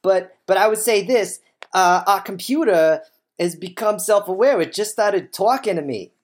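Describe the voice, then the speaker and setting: A woman's voice: medium pitch, animated, normal speed. A woman improvising a comedy scene as a crew member, rambling with hesitant fillers.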